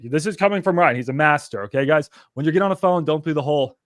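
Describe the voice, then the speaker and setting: A man's voice: on the high side, fast, hardly any pauses, dry recording, studio quality. Casual host man talking to listeners. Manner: loose, addresses listeners as guys, swears. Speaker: podcast host. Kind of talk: casual chat.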